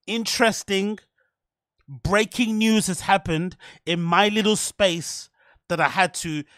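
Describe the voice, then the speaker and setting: Guy hosting his own podcast, fast frantic rambling, high pitched, dry mic. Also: a bit bright, no room sound. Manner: rambling, frantic, talks without pausing for breath. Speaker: podcast host. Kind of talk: solo podcast monologue.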